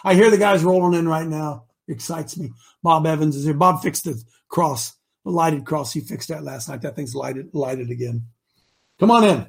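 A man's voice: fairly high pitch, normal speed, vocal fry, few pauses, breathy edge. A man hosting a live talk show, preachy and rousing, rambling between points. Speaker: host.

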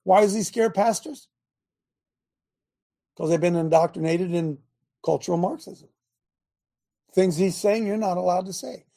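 A man hosting a talk show, preaching and mocking in an animated way and throwing questions at his listeners. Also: high-pitched, measured pace, long pauses. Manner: animated, sermonizing, mocking, asks the audience questions.

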